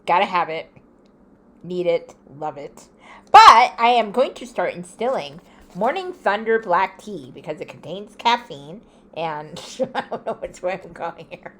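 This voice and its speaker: A woman's voice: fairly low pitch, sing-song, a little slow, bright, forceful tone. A woman vlogger telling a story in a casual, chatty way, often laughing and acting out what others said.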